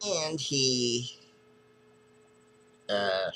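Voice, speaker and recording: A man's voice: medium pitch, animated, drawn-out words, bright, forceful tone, slight background noise, low-quality recording. A man casually reviewing a comic book, retelling the story in a rambling, hesitant way.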